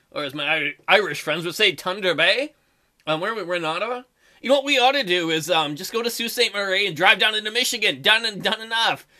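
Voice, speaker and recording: Over audible keyboard typing, a gaming video host jokes crudely and reads the on-screen text during his casual let's play. His voice sits high, with a bright, forceful tone.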